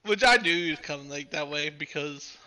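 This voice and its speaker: Chill guy in a game chat, super bright sharp voice, kinda high, says man a lot. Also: expressive, brisk, low-quality recording. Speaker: gamer on a stream. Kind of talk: casual gaming chat.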